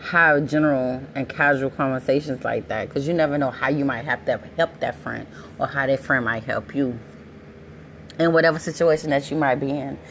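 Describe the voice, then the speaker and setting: A woman talking casually and bluntly, with lots of profanity, getting louder and more animated when she is heated. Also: a bass voice, slight background noise. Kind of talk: casual monologue.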